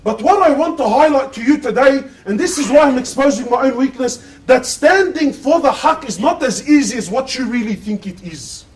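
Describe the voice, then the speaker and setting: A man's voice: extremely high pitch, animated, normal speed, hardly any pauses, distant mic, rough recording. A man giving an impassioned sermon, firing rhetorical questions at his listeners. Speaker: preacher giving a Friday sermon.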